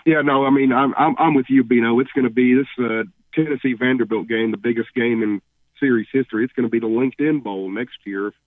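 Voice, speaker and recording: A man calling in to a sports radio show, chatty and joking, halting with fillers. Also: medium pitch, steady tone, no room sound. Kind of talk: joking call-in chat. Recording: tinny phone line.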